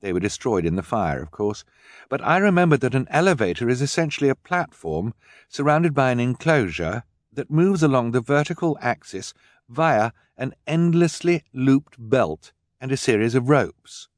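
A man voicing a clever, practical teenage girl in an audiobook, explaining things brightly. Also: medium pitch, very animated, normal speed, no echo, studio quality, pitched above the performer's own voice, lightly acted. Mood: eager, explaining.

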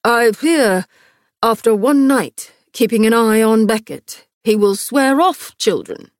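A woman voicing a wry male companion who speaks gently but in warning. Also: on the high side, expressive, slow pace, no echo, studio quality.

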